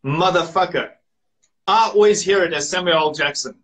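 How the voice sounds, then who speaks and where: Guy interviewing, higher pitched voice, relaxed. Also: moderate pace, low-quality recording. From South Africa. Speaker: interviewer, host. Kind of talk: casual interview.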